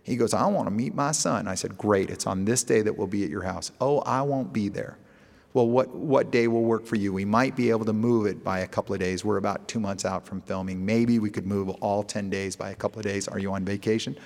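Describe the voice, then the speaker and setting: A man's voice: on the low side, steady tone, fast talker, vocal fry, hardly any pauses, a little mellow. A man, a TV show producer, giving a storytelling presentation to an audience and acting out phone calls in quoted dialogue. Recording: echoey hall with long reverb.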